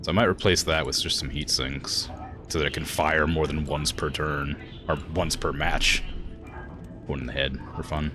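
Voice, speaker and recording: Deep-voiced male game streamer. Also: normal speed, over music. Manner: relaxed, chuckling, thinks aloud with fillers. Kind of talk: casual gameplay chat.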